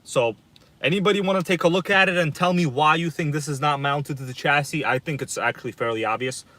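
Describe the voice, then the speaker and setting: Sitting in his parked car at night, a livestream host talks fast in a slightly high, bright voice with a forceful tone. He chats loosely on his phone mic and greets his viewers by name.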